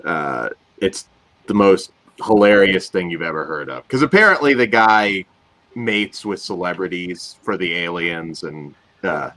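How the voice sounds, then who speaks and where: A man with a very deep voice tells a relaxed story in a casual group chat. He talks slowly and pauses often on uhs. The sound is dry and close, with no room around it. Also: no echo.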